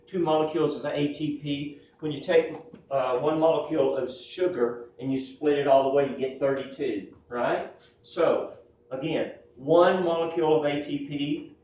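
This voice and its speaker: This man speaks with a fairly high, slightly mellow voice while giving a casual classroom lecture. Personal anecdotes blend into the material, and his sentences often close with "right?" or "yes?". A distant mic picks him up in a roomy space with faint noise.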